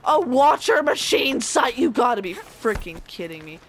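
A woman commentating as she plays a video game, chattering to the enemies and squeaking up high when she panics. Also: normal speed, background noise. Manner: excitable, talks to enemies, voice shoots up when panicked. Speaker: gameplay streamer. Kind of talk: let's play commentary.

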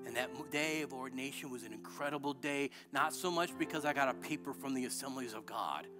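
A middle-aged male pastor preaching a sermon with passion, rising at times to shouting. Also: mid-range voice, quick pace, music in the background. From Illinois. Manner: impassioned preaching that builds to shouting. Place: church sanctuary.

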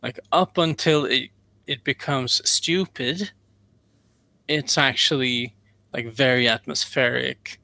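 A man's voice: medium pitch, slow pace, gravelly, sharp tone, dry recording. A man hosting a casual book discussion, rambling and joking as he goes. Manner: rambling, jokey, mimics voices. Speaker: podcast host, author.

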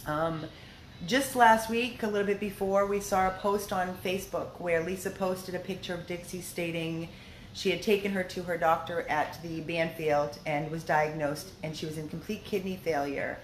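A woman's voice: on the low side, steady tone, moderate pace. A woman who runs a dog rescue, giving a heartfelt, chatty video update from the rescue house on her phone, with lots of fillers. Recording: echoey room with faint noise.

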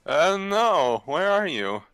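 A man's voice: sits high, big pitch swings, slow pace, a bit bright, clean tone. A man co-playing a game in casual chat, cracking dry, crude jokes. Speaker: co-player. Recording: noisy home mic.

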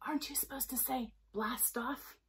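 Storybook narwhal full of wonder, high and lively voice, as a woman does it. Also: normal speed, creaky, slight background noise. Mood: excited. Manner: wondering, excited.

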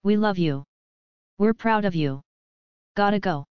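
A woman's voice: medium pitch, measured pace, clear, resonant tone, dry recording, close to an everyday voice. A woman voicing a cheerful, loving mother, in a dull, dry recording. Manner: bright, affectionate.

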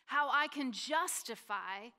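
Woman, pastor, sermon, slow pace, high voice, reflective. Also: expressive, pushed and bright. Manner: reflective, confessional.

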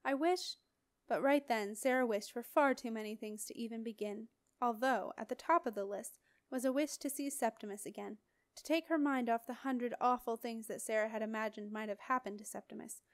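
A woman narrates a fantasy audiobook with expressive, dramatic storytelling. Her voice sits slightly high. The recording is close and dry, with no reverb. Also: brisk. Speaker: audiobook reader.

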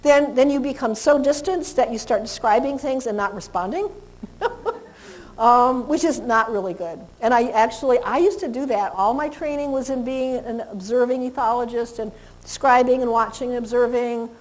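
A middle-aged woman gives a chatty, laugh-filled lecture on dog behavior, briefly putting on voices for dogs and their owners. Her voice is slightly high for a woman, and the recording quality is low.

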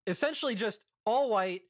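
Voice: medium pitch, dry recording, clean studio sound. A game master narrating a live tabletop game, describing scenes casually through laughter.

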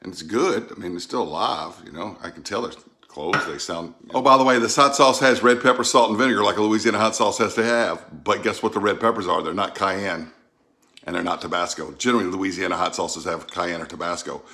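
Low-pitched and fairly quick, a middle-aged Gulf South man with a Southern accent chats through a casual home cooking vlog. Folksy and talkative, this vlogger thinks out loud as he tastes the food.

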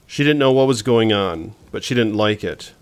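Male audiobook narrator, low voice, measured suspenseful novel reading. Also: animated, clear, resonant tone.

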